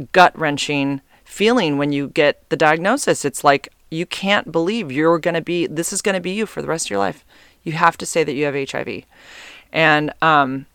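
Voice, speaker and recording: A man speaking in a casual personal monologue, rambling through fillers and restarts and getting heated, with swearing for emphasis. His voice sits a little high and sounds smooth and clean. The recording is dry and close, with no room echo. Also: a bit bright.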